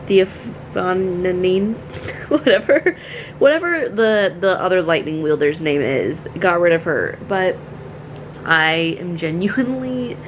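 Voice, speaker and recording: A woman's voice: on the low side, noisy background. A young woman vlogging casually at home about a book she is reading, emotional and full of "like"s. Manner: gushing, emotional, filler-heavy with many "like"s. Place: at home with her dog.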